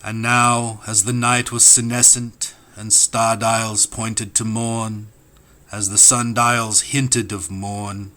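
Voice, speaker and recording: A male audiobook narrator gives a dramatic reading of classic poetry, his low voice sharp in tone and level overall as he takes his time. The cadence is incantatory and rhythmic, rising and falling in broad sweeps.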